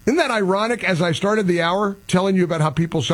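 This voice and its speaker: A man hosting a radio talk show, ranting in a casual, exasperated and self-deprecating way, with a husky voice. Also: sits high, fast talker. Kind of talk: casual opinionated radio monologue.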